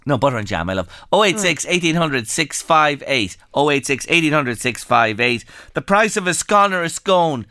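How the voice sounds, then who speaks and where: An Irish man hosting a radio show, chatting in an animated, joking way with quick asides. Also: on the high side, no echo, clean studio sound. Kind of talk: casual radio chat. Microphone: studio microphone.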